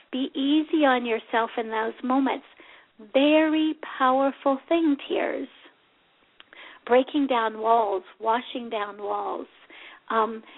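A woman with a fairly high voice gives a reflective spiritual talk as a show host. She speaks gently and unhurriedly, often pausing between phrases. The sound is thin and tinny, like a phone line. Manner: gentle, unhurried, with many pauses. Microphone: phone call.

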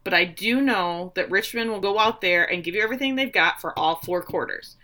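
A woman's voice: medium pitch, fairly quick, sharp tone. A woman casually recapping a TV episode with a co-host, acting out quotes in playful voices. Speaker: podcast co-host recapping a show.

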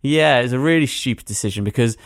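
A man hosting a podcast, reviewing a film in a rambling, animated way with plenty of hedging fillers. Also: mid-range voice, fast talker, no echo, studio quality. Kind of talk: casual podcast chat.

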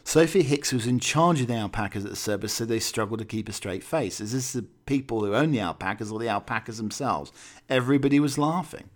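A radio host with a medium-pitched voice moves fairly quickly through odd news stories on his chatty talk show, chuckling and wandering off on filler-laden, rambling tangents.

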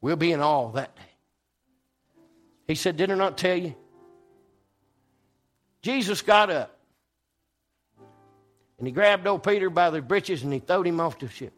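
Preacher man, folksy storyteller, a bit high-voiced, church music faint behind. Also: animated, unhurried, long pauses. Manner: folksy storytelling, swings between loud and hushed. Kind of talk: sermon.

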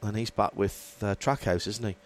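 A man's voice: fairly low pitch, fairly even intonation, normal speed. A man hosting a motorsport radio podcast in casual chat, rambling through his points with fillers and restarts. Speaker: host.

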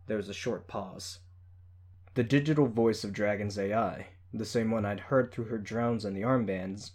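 A man reading a first-person story in a steady, measured way. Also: on the low side. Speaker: audiobook narrator. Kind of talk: scripted first-person narration.

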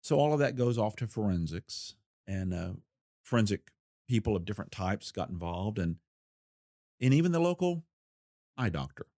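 An older man and former investigator telling a case story in a folksy, unhurried way with a wry edge. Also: lowish voice, sing-song, dark tone, no room sound, clean studio sound. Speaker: retired federal investigator recounting a case. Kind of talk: storytelling interview.

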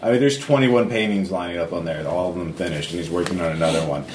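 Low-voiced man running a tabletop game. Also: distant mic. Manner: halting, full of ums and uhs. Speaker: game master. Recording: echoey room with background noise.

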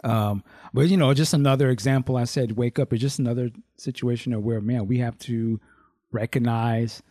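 Mellow-voiced dude, dry close sound, supportive and chill, thinking out loud. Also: male voice, mid-range voice, fairly even intonation, normal speed, no room sound. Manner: supportive, reflective, loose with fillers. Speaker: podcast co-host. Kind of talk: casual chat.

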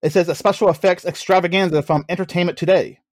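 A man's voice: sits high, fairly even intonation, quick pace, no room sound. A man hosting a casual comedic movie review chat, joking and laughing often. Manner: jokey, laughs often, teasing. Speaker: podcast host.

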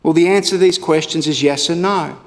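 A man's voice: fairly high pitch, brisk, long reverb tail. A male pastor preaching a sermon in a conversational way, with wry asides to his congregation.

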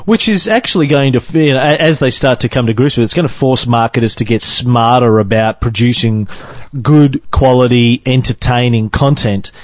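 A man's voice: mid-range voice, normal speed, dry recording. An Australian man co-hosting a podcast, chatting casually with irreverent jokes. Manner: irreverent joking. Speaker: podcast co-host. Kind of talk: casual chat. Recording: dull dry lo-fi podcast audio.

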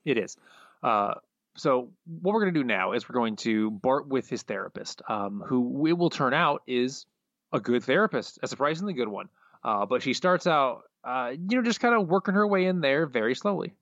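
Male podcast co-host, mid-pitched voice, dry and muffled lo-fi sound, steady plot recap full of "uh"s. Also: normal speed, no room sound. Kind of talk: casual chat.

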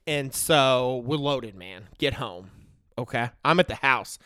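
Bright slangy man telling stories. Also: medium pitch, animated, slow, smooth. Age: 30s. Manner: slangy, keeps checking in with the listener. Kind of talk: comic storytelling monologue.

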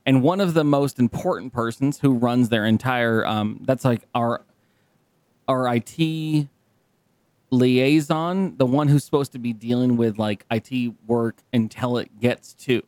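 A man's voice: medium pitch, a little slow, a little mellow, dry recording. A young man co-hosting a casual podcast, telling a rambling story and swearing freely. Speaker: podcast co-host. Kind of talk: casual chat.

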